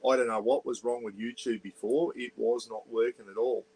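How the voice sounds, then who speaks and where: A man's voice: medium pitch, steady tone, fairly quick, a little mellow, slightly rough, poor audio. Rambling Australian man livestreaming from a caravan. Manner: rambling, chatty, greets viewers and reads comments aloud; keeps voice down for neighbours. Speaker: livestream host. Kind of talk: casual livestream chat. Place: small caravan, indoors. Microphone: iPad.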